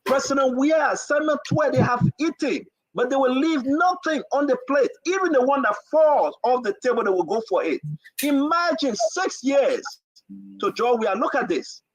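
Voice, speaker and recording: Very high-pitched and animated, this man speaks at a moderate pace with a Liberian accent as a talk show host. He delivers fiery political commentary, hammering points home with repetitive, preacher-like emphasis. The recording is rough, with no room sound.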